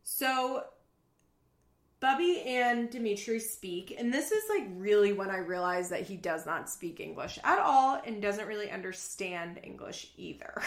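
A woman hosts a casual recap podcast, talking in a chatty, sarcastic way with frequent swearing. Her voice sits at a middle pitch and carries a roomy echo from the space around her. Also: fairly bright tone. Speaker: podcast host.

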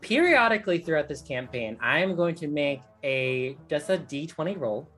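A low-pitched woman runs a tabletop game as dungeon master, stopping and restarting as she explains homebrew rules. Soft music plays faintly behind her. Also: lively intonation. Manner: halting, many fillers and restarts.

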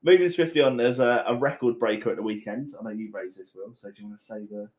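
A man's voice: medium pitch, fast talker, darkish tone. A man hosting a casual football podcast, teasing his co-hosts and laughing often. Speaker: podcast host. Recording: roomy echo.

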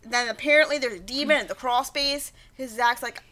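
Woman co-host, high and bright, dry wry storyteller in casual chat. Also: brisk. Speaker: podcast co-host. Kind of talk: casual chat recapping a ghost-hunting show.

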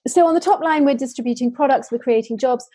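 A woman shares stories in an earnest, heartfelt way. Her voice sits fairly high, with a mellow, husky tone. The sound is dry and close. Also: fast, poor audio. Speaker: social entrepreneur guest. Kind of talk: interview storytelling.

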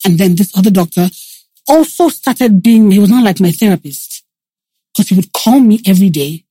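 A woman, a guest telling a personal story in an interview, animated and full of restarts. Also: medium pitch, normal speed, breathy edge, dry recording. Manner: animated, acts out quoted voices, frequent restarts.

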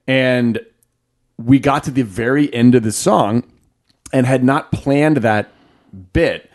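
A man co-hosting a relaxed podcast conversation. His voice sits in an ordinary middle range. He delivers jokes dryly and leans on wry understatement. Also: medium pitch, takes it slowly. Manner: dry, joking, wry understatement. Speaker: podcast co-host. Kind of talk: casual chat.

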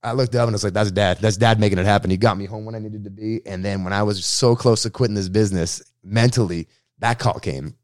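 Deep-voiced radio host from Boston, quick slangy storyteller, interview guest. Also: male voice, no echo, clean studio sound. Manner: slangy, lively anecdotal telling.

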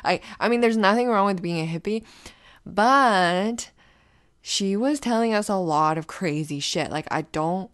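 A woman's voice: medium pitch, unhurried, no room sound, studio quality. A woman casually telling a rambling personal story, swearing often and restarting her sentences. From grew up partly in Canada, moved there as a child. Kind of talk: casual profane storytelling monologue.

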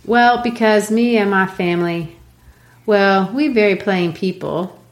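A woman reading the halting, strained lines of a proud working-class man in crisis from a play. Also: medium pitch, reverberant, lightly acted.

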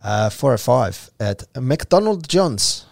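A man's voice: medium pitch, very animated, slow pace, vocal fry, dry recording, clean studio sound. An Australian man hosting a casual podcast, reading out fixtures and betting odds with jokes along the way. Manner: reads out fixtures and odds, jokey. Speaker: podcast host. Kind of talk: casual sports tipping chat.

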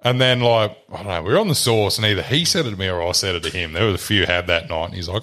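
A man's voice: low-pitched, lively intonation, rapid-fire, few pauses, a bit bright. A young Australian man, a podcast guest, chatting casually, swearing freely and laughing at his own stories. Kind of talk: casual chat.

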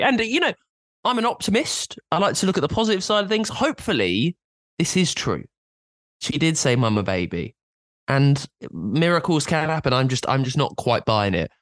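A man co-hosting a podcast, rambling casually with frequent halting restarts. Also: on the high side, big pitch swings, a bit bright, no echo. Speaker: podcast co-host. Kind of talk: casual chat.

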